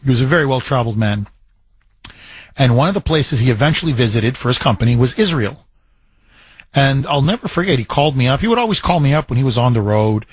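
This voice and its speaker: Animated radio host, husky voice. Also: male voice, medium pitch, quick pace, dry recording. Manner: animated storyteller, repeats phrases. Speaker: radio talk show host. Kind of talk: talk radio chat with a caller.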